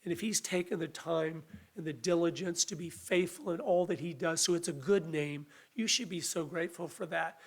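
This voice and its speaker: Earnest high-voiced preacher, weak voice. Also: male voice, normal speed, hardly any pauses. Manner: earnest, conversational preaching with restarts and acted quotes. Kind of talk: sermon.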